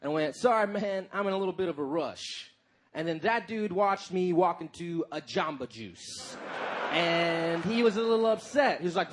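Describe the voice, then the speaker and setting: A man in his thirties doing a stand-up comedy set, telling stories in an animated way and jumping into loud shouted voices. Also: high voice, normal speed. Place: live comedy stage before a crowd. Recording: live crowd noise in the background. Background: audience laughter and crowd noise.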